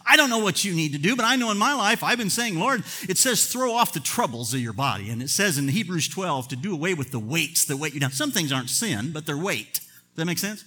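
Older guy preaching, fired up then going quiet, bright forceful voice, kinda high. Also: sing-song, brisk, husky. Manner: impassioned, swings between loud emphatic bursts and quiet asides. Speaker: pastor. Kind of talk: sermon.

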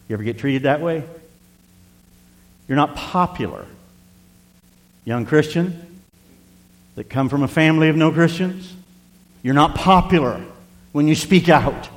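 Middle-aged preacher guy, bit high voice, emphatic sermon, lots of repeats, echo from a big hall. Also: moderate pace, pauses often. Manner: emphatic preaching, repeats words, reads scripture aloud. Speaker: pastor.

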